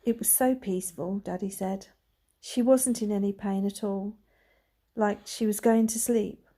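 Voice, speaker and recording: Woman gently reading a story aloud. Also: mid-range voice, fairly even intonation, measured pace. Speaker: reader.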